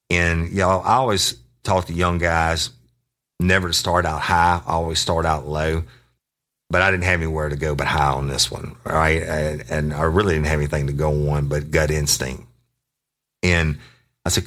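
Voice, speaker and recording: A middle-aged man, a podcast host and former deputy, telling a profane true-crime story in a gruff manner. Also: extremely low pitch, steady tone, a little fast, fairly bright tone. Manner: gruff, swearing, acts out both sides of a tale.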